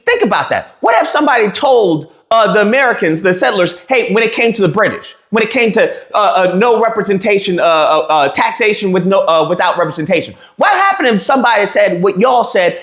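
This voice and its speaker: A man's voice: high-pitched, very animated, a little fast, few pauses, fairly bright tone. A man recapping an interview in a heated, mocking rant, laughing at his own jabs and restarting his sentences often. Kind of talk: animated ranting recap to camera. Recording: roomy echo.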